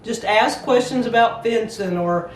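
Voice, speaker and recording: A woman's voice: fairly high pitch, a little slow, echoey room, distant mic, crowd noise, low-quality recording. Older Southern woman, plainspoken and homey. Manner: plainspoken, homey, explains things. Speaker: homestead channel co-host. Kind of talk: casual chat to viewers.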